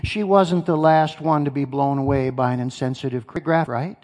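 A man's voice: mid-range voice, normal speed, a little mellow. A male pastor preaching a sermon, emphatic, repeating key phrases and asking his congregation questions. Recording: long hall reverb.

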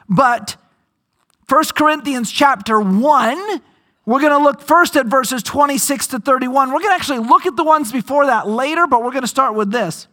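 High, bright-voiced man preaching a sermon. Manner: conversational, with dramatic slowdowns and bursts of emphasis. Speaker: pastor.

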